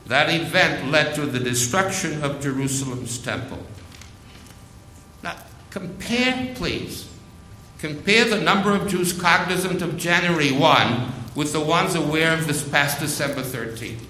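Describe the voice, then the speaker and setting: A man preaching a sermon, slow and emphatic, repeating phrases for weight. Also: fairly high pitch, bright, forceful tone, reverberant, a little hiss or hum, low-quality recording.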